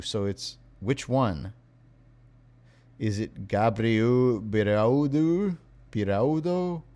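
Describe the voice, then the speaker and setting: A tired young man live-streaming, reading viewer messages aloud in a wry, unhurried way. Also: lowish voice, a little mellow.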